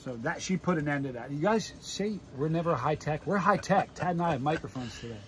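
A middle-aged man hosting a casual chat, telling rambling stories excitedly. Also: fairly high pitch, brisk, poor audio. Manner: excited, chatty, rambling storyteller. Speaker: host.

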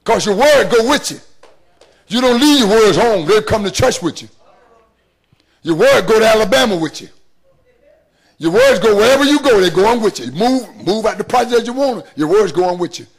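A middle-aged man, preaching a sermon in a church, moving between hushed asides and rising calls to the congregation. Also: high-pitched, animated, normal speed, long pauses, breathy edge. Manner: preaching with call-and-response rhythm, shifting between hushed and rising. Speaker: pastor. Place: church sanctuary.

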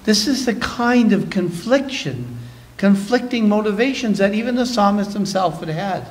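Canadian male pastor, high-pitched, dynamic sermon delivery with scripture reading. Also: animated, normal speed. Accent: Canadian English. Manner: preaching with dynamic shifts between loud and soft, reading scripture aloud. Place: church sanctuary.

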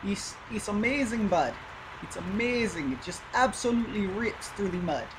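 A man voicing a rowdy young Canadian guy who is excited about trucks, with a put-on Canadian accent and a drawl. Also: sits high, moderate pace, voice pushed up. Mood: hyped. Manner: drawling, calls everyone bud. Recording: loud game engine noise behind.

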